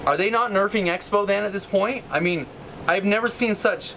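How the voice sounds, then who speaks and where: A man's voice: moderate pace, noisy background. Frustrated man ranting over gameplay. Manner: frustrated ranting, jumps from pitch spikes to low mutters. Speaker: gaming channel host. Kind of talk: live gameplay commentary.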